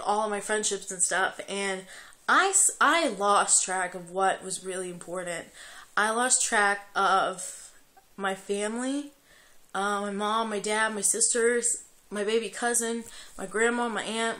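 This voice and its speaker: A young woman vlogging at home late at night. She is tearful and crying as she talks, rambling and swearing freely, halting often with fillers. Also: mid-range voice, fairly bright tone. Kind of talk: emotional confessional vlog.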